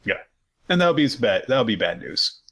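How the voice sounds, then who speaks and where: A man's voice: medium pitch, very animated, moderate pace, a bit bright, breathy edge. A man co-hosting a podcast, recapping in loose, rambling casual chat with lots of fillers and joking profanity. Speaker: podcast co-host.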